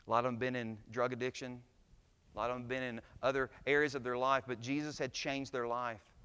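A man preaching a sermon to his church, telling stories and building to loud, impassioned climaxes. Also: mid-range voice, little pitch movement, fairly quick, smooth, in a large hall. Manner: preaching, swells to shouts at climaxes. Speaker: pastor. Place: church sanctuary.

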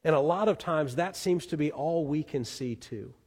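A male pastor preaching a sermon earnestly, rising loud for emphasis and falling quiet. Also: on the high side, moderate pace, slightly rough. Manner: earnest, swells loud then drops quiet. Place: church sanctuary. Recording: long reverb in a church hall.

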